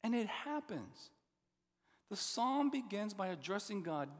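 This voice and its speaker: A pastor preaching a sermon, expressive, often dropping to a hushed voice for emphasis. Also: male voice, sits high, a little slow. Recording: long reverb of a large hall.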